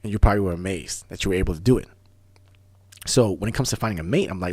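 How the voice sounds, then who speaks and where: A man hosting a talk radio show, telling stories in a casual, animated way, often restarting words. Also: low voice, breathy edge, dry recording. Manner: animated storyteller, fast bursts, repeats and restarts words. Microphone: studio microphone.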